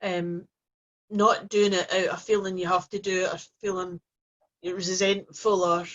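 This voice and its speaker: Soft-spoken woman telling a story, lo-fi. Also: lowish voice, little pitch movement, moderate pace. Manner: gentle, rambling, with frequent restarts and soft fillers. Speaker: host. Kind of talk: casual personal storytelling to camera. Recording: dull lo-fi recording.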